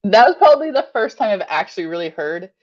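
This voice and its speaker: A woman with a middle-pitched voice chats in a teasing, amused way. Her sound comes through dull and lo-fi, as if from a remote line. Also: big pitch swings, quick pace, darkish tone. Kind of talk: casual chat.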